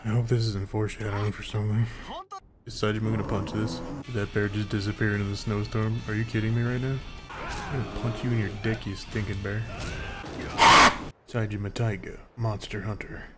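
A man's voice: on the low side, brisk. Joking young man over game music. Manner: joking, crude, excitable. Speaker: let's play commentator. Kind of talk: comedic gameplay commentary.

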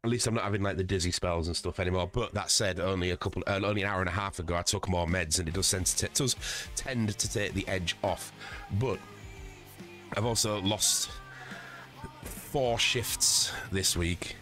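A man's voice: deep voice, moderate pace, a bit bright, soft background music. A man streaming live from home, chatting casually with a profane, rambling manner and stuffed up with a cold. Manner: profane, rambling, chuckling at his own jokes. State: congested with a cold.

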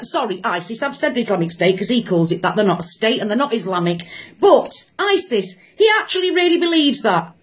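A woman rants to camera with a high voice that leaps all over the place. She sounds indignant and emphatic, hammering her points home by repeating phrases. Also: very animated, fairly quick. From Britain. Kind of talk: angry opinion rant to camera.

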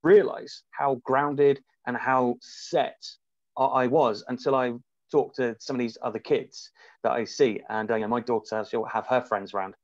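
A man talking as a podcast guest in casual conversation, reflective and halting, often restarting his sentences. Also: medium pitch, fairly even intonation, no room sound. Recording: muffled dry remote audio.

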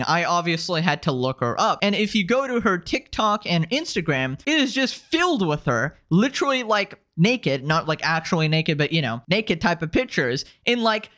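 A young man with a rather high voice delivers a sarcastic reaction rant, piling on over-the-top insults. His mocking commentary runs in a quick, exasperated flow. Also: a bit bright. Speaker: commentary YouTuber.

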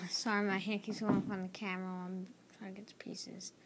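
A woman's voice: medium pitch, level tone, fairly quick, background noise. A woman hosting a casual building tutorial, hesitant and filler-heavy, often apologizing, recorded on a tablet's built-in mic. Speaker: tutorial host. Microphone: tablet camera mic.

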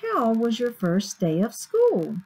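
A woman's voice: on the high side, wildly swooping pitch, slow, a little mellow, husky, exaggerated voice, low-quality recording. A woman doing a sweet storybook mother. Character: warm mother greeting her small son.

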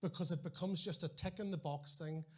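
High-voiced Northern Irish preacher. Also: male voice, a little fast. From Northern Ireland. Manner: animated storytelling with repeated restarts and wry asides. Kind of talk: sermon.

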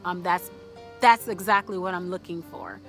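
A woman's voice: on the low side, moderate pace, soft background music. A woman vlogging casually about her faith, chatty and encouraging, with many fillers.

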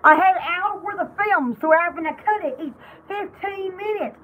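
A young woman hosting a live-stream jewelry party, chatting casually in an excitable, rambling, giggly way. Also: very high-pitched, moderate pace, rough recording.

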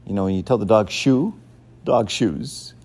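A man's voice: fairly low pitch, a little slow, a little mellow, husky. A man speaking as a humble old male saint, in a plain, matter-of-fact retelling.

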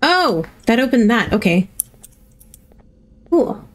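A woman's voice: on the high side, big pitch swings, takes it slowly. A woman hosting a gaming video, giving chatty let's-play commentary and playfully reacting to herself as she plays.

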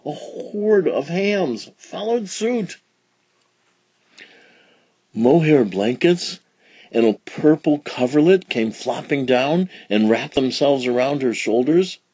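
A man reading a children's storybook aloud with expressive, dramatic storytelling. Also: on the high side, slow, slightly rough, no room sound, lo-fi sound. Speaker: storybook reader. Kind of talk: children's read-along narration.

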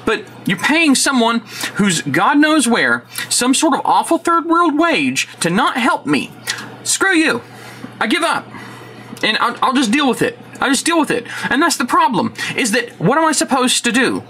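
A man's voice: very high-pitched, wildly swooping pitch, normal speed, pushed and bright, slight background noise. A man vlogging a frustrated, sarcastic and profane rant about a delivery mix-up. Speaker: tech vlogger. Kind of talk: angry rant to camera.

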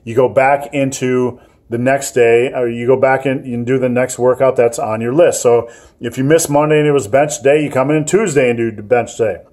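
A man's voice: medium pitch, steady tone, normal speed, a little mellow. A man hosting a fitness vlog, giving gym advice in a joking, rambling, self-mocking way. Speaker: fitness channel host.

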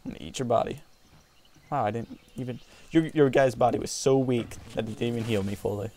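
A man hosting a let's play, giving casual gameplay commentary and excitably trash-talking the creatures on screen. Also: medium pitch, quick pace, creaky, a little hiss or hum.

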